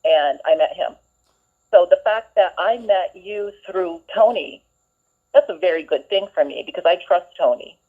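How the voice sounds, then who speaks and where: A woman calling in as a guest on a live stream, friendly and flirtatious but quick to defend herself. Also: fairly low pitch, animated. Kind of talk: phone-in banter. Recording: tinny phone line.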